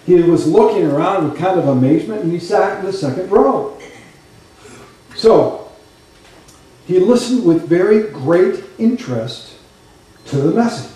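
A male pastor preaching a sermon, telling stories in an animated, conversational way with quick asides to the congregation. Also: high voice. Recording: echoey room, voice from a distance.

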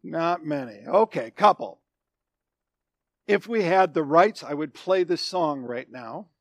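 A male pastor delivers a sermon in a high voice with an unhurried pace. He swings from loud proclamations to quiet, low phrases and keeps repeating his words for weight. The sound is close and dry, with no room echo. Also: lively intonation, gravelly. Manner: emphatic preaching that swings between loud declarations and hushed, low phrases; repeats and restates phrases for emphasis.

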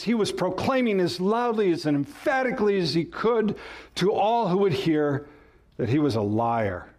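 Male pastor, sermon delivery, slightly higher voice, dramatic rises and drops, asks the room questions. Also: big pitch swings, normal speed. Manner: rises and falls sharply for emphasis, asks the congregation questions.

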